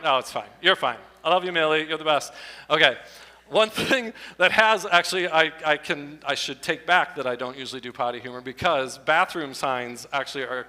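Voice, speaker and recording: A middle-aged man doing stand-up comedy with slides at a church show, animated and breaking into loud exclamations. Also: on the high side, moderate pace. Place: church hall before an audience. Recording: long hall reverb.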